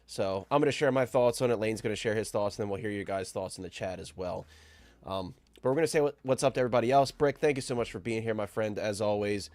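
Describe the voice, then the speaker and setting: Sick-sounding stream host with a nasal voice. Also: male voice, on the low side, fast, no room sound. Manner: upbeat, shouting out chat viewers. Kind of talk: live stream chat.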